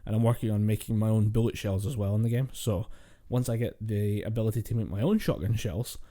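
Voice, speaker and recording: A young man co-hosting a podcast, telling stories in animated, casual chat, laughing often and acting out what he said. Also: on the low side, brisk. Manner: animated storyteller, laughs often, acts out quotes. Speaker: podcast co-host.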